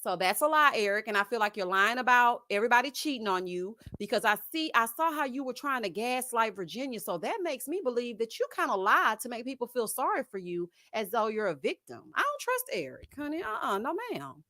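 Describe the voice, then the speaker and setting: Her voice is a little high and fairly quick, with few pauses, on a dry recording. She's hosting a live stream reviewing reality TV, bantering sassily with viewers she calls honey and y'all and chuckling at her own humor.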